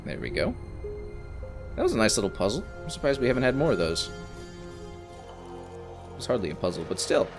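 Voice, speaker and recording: A man's voice: medium pitch, sing-song, a little fast, pauses often, over music. A man giving casual gameplay commentary as a let's play host, rambling with exasperated asides.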